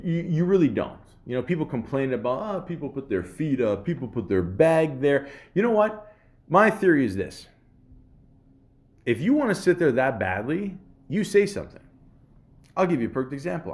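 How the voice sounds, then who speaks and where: A man hosting a podcast, ranting solo in a profane, exasperated way with many fillers. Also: medium pitch. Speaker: podcast host.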